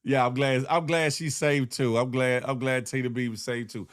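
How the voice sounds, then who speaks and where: A man's voice: mid-range voice, steady tone, normal speed, smooth. A man hosting a morning show, giving playful, laughing comedic commentary. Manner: playful, laughing, slips into impressions.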